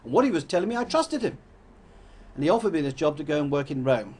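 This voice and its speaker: A man's voice: on the high side, sing-song, fast, a little mellow, husky. An older man from England gives a rambling, anecdotal talk to an audience, often correcting himself as he goes. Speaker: public speaker.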